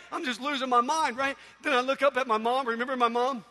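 A man preaching a sermon, telling stories in an animated way with sudden loud outbursts. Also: very high voice, quick pace, few pauses. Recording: echoey hall.

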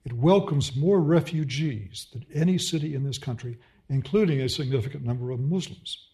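A man's voice: mid-range voice, moderate pace, mellow. A man with a mild Austin, Texas accent, a professor putting questions in an onstage conversation and telling stories fluently with dry wit. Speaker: professor and interviewer.

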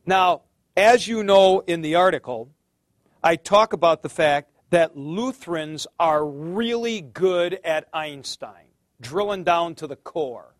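A man's voice: a little high, slow, dry recording, studio quality. A middle-aged man giving a casual theology lecture, rambling, with many fillers and restarts. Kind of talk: conversational lecture.

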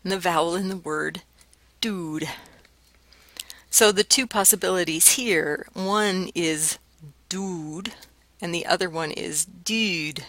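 Slow-spoken woman lecturing on dialects. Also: on the low side, sharp tone, no echo, poor audio. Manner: explanatory, demonstrates vowel pronunciations aloud. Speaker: linguistics lecturer. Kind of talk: recorded class lecture.

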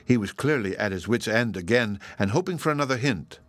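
Lively male audiobook narrator. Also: no room sound. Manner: measured storytelling with lively pitch.

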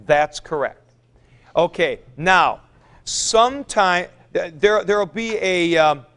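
A man lectures a classroom on Greek grammar at an unhurried pace. His voice sits a little high and comes through smooth and clear. He chants word forms aloud and stops to answer students. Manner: lively, chanting noun forms aloud, taking student questions.

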